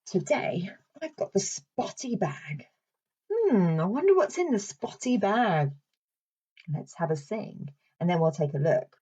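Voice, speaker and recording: A woman leading a children's song and story session in a playful sing-song way, speaking slowly and clearly for toddlers. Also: mid-range voice, sing-song, warm tone, dull audio. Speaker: children's speech and language therapist.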